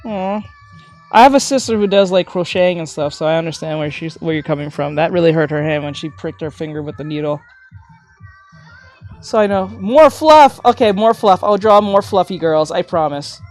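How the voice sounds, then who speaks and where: A woman art teacher chatting casually on a livestream while drawing, gushing with thanks and breaking into excited shouts. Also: low-pitched, brisk. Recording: faint music behind.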